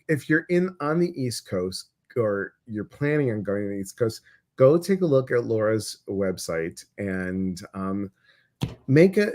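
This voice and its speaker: A man with a Midwestern American accent hosting a casual livestream chat, talking in an animated way with many fillers and restarts. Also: fairly low pitch. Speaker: host.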